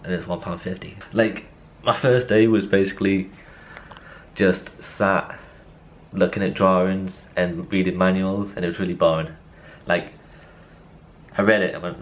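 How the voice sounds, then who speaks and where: A man's voice: low-pitched, slight background noise. Rambling young man vlogging. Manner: rambling, chatty and self-mocking. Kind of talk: casual vlog chat.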